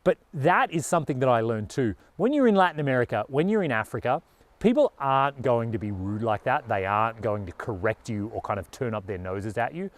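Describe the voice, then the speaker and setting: A man's voice: medium pitch, lively intonation, fairly quick. A man with an Australian accent talking earnestly and casually to camera as a travel vlogger, with a lot of "you know".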